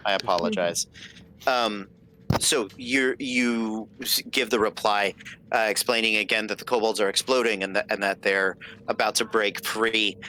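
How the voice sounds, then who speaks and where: A man running a tabletop role-playing game, speaking with a slightly low but bright, forward voice. His narration is loose and full of fillers and quick apologies, with a faint hum of background noise. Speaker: game master.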